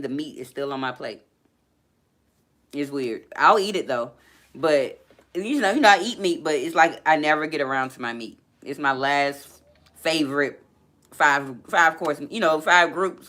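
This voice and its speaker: A woman hosting a casual live stream, chatting as she reads viewer comments and laughing often. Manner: chatty and animated, laughs often, quick pitch jumps. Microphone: laptop.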